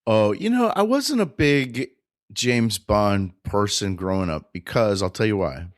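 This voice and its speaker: A man co-hosting a podcast, chatting in a relaxed way and adding his own stories. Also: lowish voice, measured pace, no echo, studio quality. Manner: relaxed, chiming in with short reactions. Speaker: podcast co-host. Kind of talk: casual chat.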